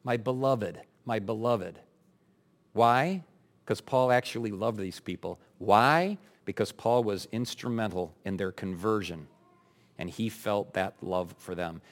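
A man's voice: fairly low pitch, expressive, unhurried. A male pastor preaching a sermon in a conversational, emphatic way, with wry asides to his congregation. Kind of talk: expository sermon.

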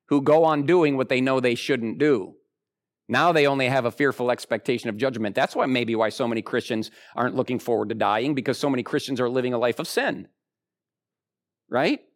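Animated man preaching a sermon. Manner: animated, conversational preaching with big swings in pitch. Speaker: pastor.

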